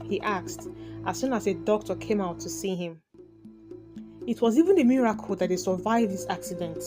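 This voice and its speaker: A woman narrating a dramatic story in a steady, scripted storytelling style. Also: mid-range voice, moderate pace. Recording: background music.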